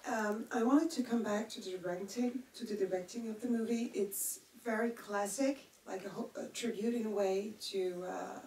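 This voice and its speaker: A woman in the audience asking her question into a handheld mic, pausing and hunting for words. She sounds far off in a roomy cinema hall, with faint murmur behind her. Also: medium pitch, fairly even intonation, darkish tone, slight background noise. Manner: hesitant, searching for words. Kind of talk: live Q&A question. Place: cinema screening room. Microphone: handheld mic passed through the audience.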